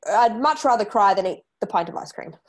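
A woman's voice: medium pitch, lively intonation, brisk. A woman hosting a podcast, talking earnestly and emphatically, repeating points for stress. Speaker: podcast host. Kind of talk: casual chat.

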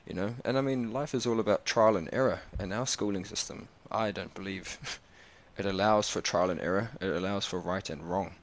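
A man, rambling in a slangy, casual monologue that turns animated as he tells stories. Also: sits low, moderate pace, few pauses. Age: 20s.

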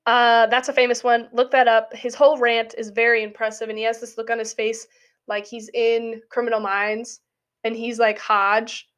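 A woman's voice: a little high, flat delivery, normal speed. A young adult woman, a college student, talking through a casual spoken essay in a chatty, giggly way full of "like" fillers. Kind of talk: casual monologue.

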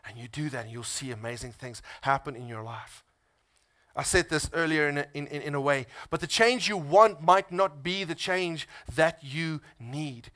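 A man who is a father, preaching a sermon as pastor of his church, moving between hushed, tender passages and loud, fervent stretches. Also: fairly high pitch, moderate pace.

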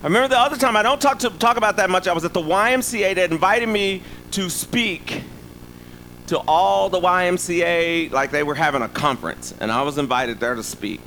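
High bright-voiced guy preaching, lively and jokey, bit of noise behind. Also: brisk, rough recording. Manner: animated, humorous, call-and-response asides. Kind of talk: sermon.

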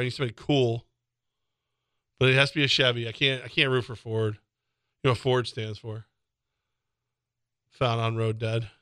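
A man's voice: medium pitch, sharp tone, smooth, dry recording, clean studio sound. A middle-aged man co-hosting a sports radio show, rambling and joking in casual talk.

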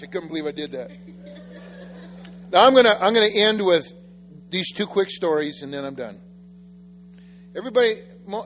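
A pastor telling personal stories in a sermon, animated and self-deprecating, acting out the quotes. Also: male voice, a little high. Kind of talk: sermon storytelling. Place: church sanctuary. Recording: reverberant church hall with faint music.

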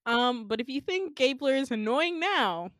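A woman's voice: high voice, lively intonation, moderate pace, fairly bright tone, no echo, studio quality. A young woman co-hosting a casual podcast, animatedly telling a dream story with frequent laughter. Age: young adult.

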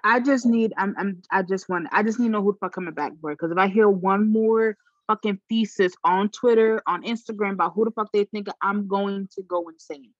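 A woman's voice: medium pitch, brisk, few pauses, no room sound, highs cut off. A woman venting bluntly in casual chat, exasperated and swearing freely.

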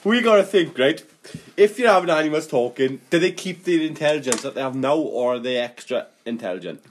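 A man's voice: fairly high pitch, lively intonation, brisk, slight background noise. A man, co-hosting a casual podcast chat, swearing and joking. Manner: crude, joking, puts on animal voices. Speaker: podcast co-host. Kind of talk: casual banter.

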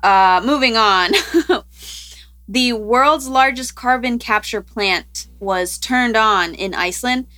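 A woman's voice: a little high, takes it slowly, bright, forceful tone. A woman co-hosting a podcast, chatting casually and rambling through science news with frequent laughs.

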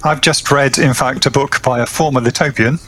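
A man's voice: medium pitch, fairly even intonation, normal speed, noisy background. A man on a casual panel giving considered opinions on a story, with plenty of hesitations. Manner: considered, hesitant, many uhs and repeats.

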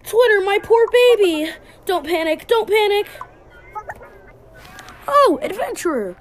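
A frantic, worried mother, as a woman voices her while playing a video game. She pleads in a high, lively, high-strung voice. The begging is slow and emphatic. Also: slight background noise, heavily acted. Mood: pleading.

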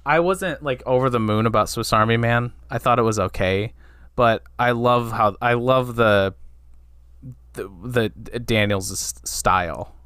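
A man co-hosting a podcast in casual chat, halting and restarting his sentences often. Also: mid-range voice, fairly bright tone, clean tone, no echo, clean studio sound. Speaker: podcast co-host.

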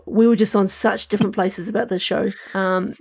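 A New man co-hosting an entertainment podcast, talking in a loose, rambling way full of fillers. His voice has a gravelly, creaky edge. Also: high voice, normal speed. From New Zealand. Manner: relaxed, rambling with fillers and restarts. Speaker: podcast co-host. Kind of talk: casual chat.

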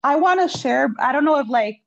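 A woman's voice: high-pitched, animated, a little fast, vocal fry, muffled recording. A woman on a group call, sharing her experience in a hesitant way, searching for words. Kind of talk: casual sharing.

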